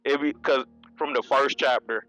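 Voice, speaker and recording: A man talks through a manga chapter in a relaxed, slangy way, restarting lines and chuckling as he goes. His voice sits at an ordinary pitch and sounds dry and close to the mic, with faint music playing underneath. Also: normal speed, dry recording, poor audio. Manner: loose and conversational, laughs often, many restarts and slang. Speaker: manga reviewer. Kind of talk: casual spoken review, retelling scenes.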